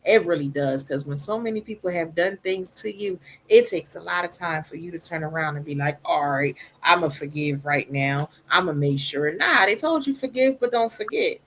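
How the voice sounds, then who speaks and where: Soft-voiced woman, podcast guest, candid and personal, slips into quoted voices. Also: lowish voice, expressive, fairly quick, few pauses, a little hiss or hum, rough recording. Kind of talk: casual podcast conversation.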